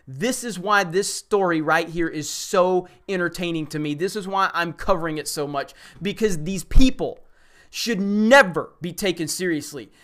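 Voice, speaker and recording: A man's voice: sits high, fairly bright tone. A man hosting an online commentary show, talking in a blunt, heated rant. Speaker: commentary host. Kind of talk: opinionated commentary.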